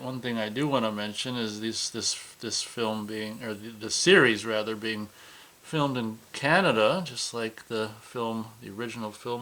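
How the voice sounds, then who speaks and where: Male co-host, bright and edgy tone, rambling casual reviewer who jokes and corrects himself. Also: mid-range voice, low-quality recording. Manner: rambling, self-correcting, joking. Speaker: podcast co-host.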